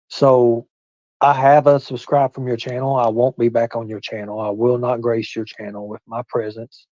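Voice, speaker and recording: Man, aggrieved and deliberate, warm low tone, dry close sound. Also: fairly even intonation, dry recording. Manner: aggrieved, deliberate, repeats himself. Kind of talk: livestream call-out. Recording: dull lo-fi stream audio.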